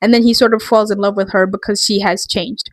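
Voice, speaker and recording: A woman's voice: mid-range voice, fairly even intonation, a little fast, no echo. A woman vlogger ranting in a casual, rambling, exasperated way, full of fillers. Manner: rambling, exasperated, heavy use of "like".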